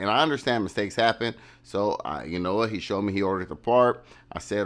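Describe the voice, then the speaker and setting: A man's voice: medium pitch, animated, fast talker. A man hosting a casual vlog, telling a story animatedly and acting out the quotes of others. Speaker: vlogger.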